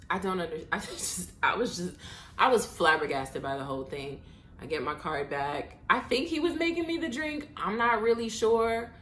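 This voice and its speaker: Animated woman telling a story, bright tone. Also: medium pitch, slight background noise. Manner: animated, swearing, mock-exasperated asides. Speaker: podcast host. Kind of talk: casual storytelling monologue. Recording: echoey room.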